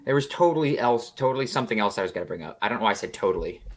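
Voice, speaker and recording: A man's voice: lowish voice, expressive, rapid-fire. A young man co-hosting a podcast, chatting casually and rambling through stories where he acts out both sides of phone calls. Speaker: podcast co-host. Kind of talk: casual chat.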